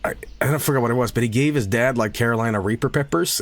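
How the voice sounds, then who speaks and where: A man streaming a game, chatting casually and rambling through a story, swearing and laughing loudly. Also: medium pitch, fast talker, background noise. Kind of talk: casual live-stream chat while gaming.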